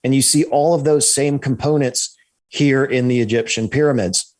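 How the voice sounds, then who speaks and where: A man, a guest on a podcast, telling a story in a lively way, often checking in with "right?" and restarting his sentences. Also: medium pitch, normal speed. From United States. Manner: animated, repeats "right?" and restarts. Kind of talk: storytelling in an interview.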